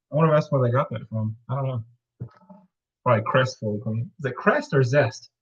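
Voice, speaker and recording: A man hosting a home cooking video, talking viewers through each step in a relaxed, rambling way with playful wordplay. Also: mid-range voice, quick pace, slightly rough, lo-fi sound. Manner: chatty, rambling, plays with words. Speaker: cooking show host. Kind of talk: casual cooking demonstration.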